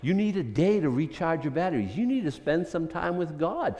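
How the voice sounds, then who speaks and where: A pastor preaching a casual, conversational sermon, full of rhetorical questions. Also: male voice, a little high, big pitch swings, normal speed, dark tone, long reverb tail.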